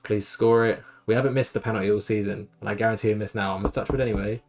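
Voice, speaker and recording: A man's voice: lowish voice, steady tone, racing, darkish tone. Exasperated young man doing gaming commentary. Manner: exasperated, grumbling at his team. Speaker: gaming YouTuber. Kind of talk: let's play commentary.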